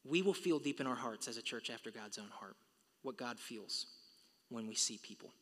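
Pastor, male, bright forceful voice, preaching in a church with long hall reverb. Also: mid-range voice, normal speed. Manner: preaching, building to emphatic peaks. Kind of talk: sermon. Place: church sanctuary.

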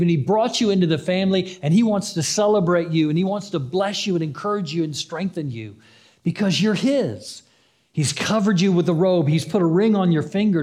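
A pastor delivering a sermon in a conversational way, acting out the story's dialogue and repeating phrases for emphasis. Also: male voice, sits high, a little mellow.

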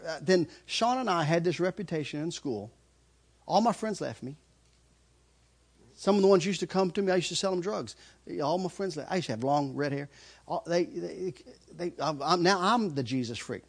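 A man's voice: sits high, breathy edge. A middle-aged man telling his testimony in a loose, rambling story. He laughs often and stumbles over repeated words. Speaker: speaker giving a testimony.

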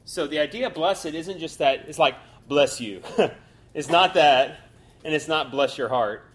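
A man's voice: fairly high pitch, measured pace. A man teaching a Bible study class in a loose, conversational way, full of fillers and restarts.

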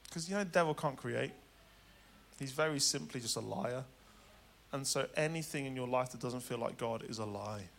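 Bright, dramatic male preacher. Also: mid-range voice, normal speed, vocal fry, a little hiss or hum. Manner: dramatic, swings from loud urgency to hushed tenderness. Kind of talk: sermon.

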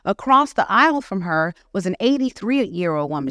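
A woman preaching to a women's session at church, lively and conversational. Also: medium pitch, normal speed, hardly any pauses, dry recording, studio quality. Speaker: guest speaker. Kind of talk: teaching sermon. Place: church hall.

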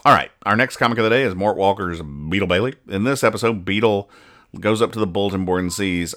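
A man's voice: fairly low pitch, expressive, fairly quick, a bit bright. A man hosting a casual podcast, reading comic strips aloud and explaining the jokes in a dry, mock-serious way. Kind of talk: casual chat.

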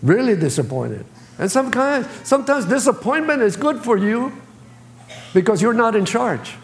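A man's voice: extremely high pitch, big pitch swings, moderate pace. A man preaching a sermon as pastor, speaking in plain colloquial phrasing and acting out voices. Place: church sanctuary. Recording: echoey church hall.

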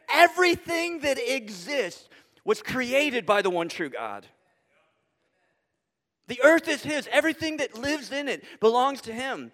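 Guy preaching a sermon, kinda high voice, repeats stuff for emphasis, big echoey church hall. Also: a bit bright. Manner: emphatic, repetitive rhetorical questions. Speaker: pastor. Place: church sanctuary before a congregation. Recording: long hall reverb.

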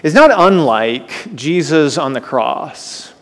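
A man's voice: a little high, expressive, slow pace, fairly bright tone, in a large hall. A male pastor preaching a sermon, retelling scripture dramatically and asking the listeners rhetorical questions.

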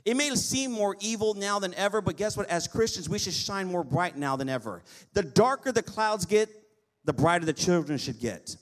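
A male pastor preaching a lively sermon, often asking the congregation for an amen. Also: high voice, normal speed. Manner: lively preaching with call-and-response amens.

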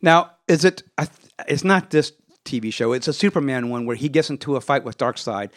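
Animated man retelling cartoon scenes. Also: medium pitch, fairly quick. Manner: animated retelling with acted quotes. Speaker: podcast host. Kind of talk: casual chat.

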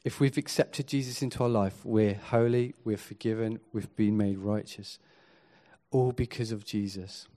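A man preaching a sermon, earnest and swinging from quiet to emphatic. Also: fairly low pitch, fairly even intonation, moderate pace.

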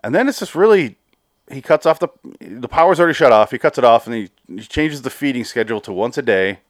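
In an expressive mid-range voice, a podcast host casually recaps a TV episode, rambling, laughing, swearing freely, and quoting characters in short bursts. It's studio quality with no room sound.

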